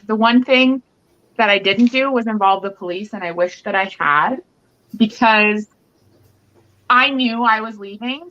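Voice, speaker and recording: A woman speaks with a bright, forceful voice, telling her story bluntly and swearing freely. The recording sounds dull and lo-fi. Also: mid-range voice. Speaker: guest. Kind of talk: personal storytelling on a podcast.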